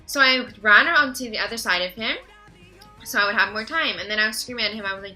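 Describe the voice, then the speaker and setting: A teenage girl telling a story in a casual vlog, gushing and excitable and talking fast. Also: fairly high pitch, soft background music, poor audio. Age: teens. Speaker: vlogger.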